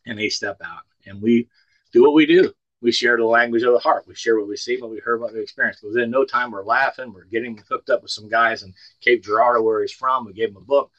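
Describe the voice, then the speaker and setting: A man's voice: medium pitch, a little fast, fairly bright tone, dry recording, muffled recording. A man giving an earnest personal testimony at a recovery meeting, telling stories and often repeating words as he starts a thought.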